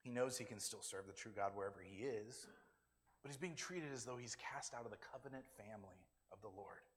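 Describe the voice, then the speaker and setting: A male pastor speaks briskly in a lowish voice, delivering his sermon conversationally and acting out quotations himself, with long hall reverb on the recording.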